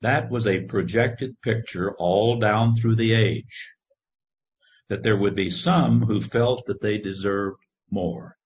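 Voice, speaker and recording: A man preaching a sermon, reading scripture in a slow, measured way. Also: lowish voice. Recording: dull lo-fi recording.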